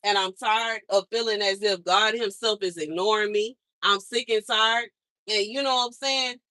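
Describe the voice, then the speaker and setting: A woman's voice: mid-range voice, steady tone, normal speed, bright, forceful tone, dry recording. A woman vlogger venting in an exasperated monologue, repeating herself for emphasis. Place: outside her mother's house.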